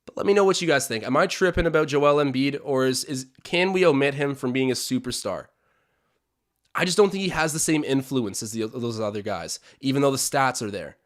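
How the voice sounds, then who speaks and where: A man's voice: mid-range voice, fairly quick. A young man hosting a live-stream watch-along, chatting opinions, calling plays and reading out viewer comments.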